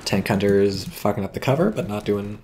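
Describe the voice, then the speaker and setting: A man's voice: lowish voice, fairly quick, darkish tone, a little hiss or hum. A man casually commentating a strategy game match, with a dry, rambling manner and hiccups, reading viewer chat aloud. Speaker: game caster.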